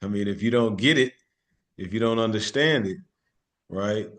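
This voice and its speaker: A man speaking on a panel who talks in a measured, reflective way. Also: fairly low pitch, fairly bright tone.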